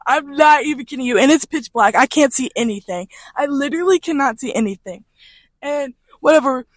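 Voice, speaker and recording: A young woman casually telling a profane, animated story, often laughing. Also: sits high, a little fast, no room sound. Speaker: storytelling co-host.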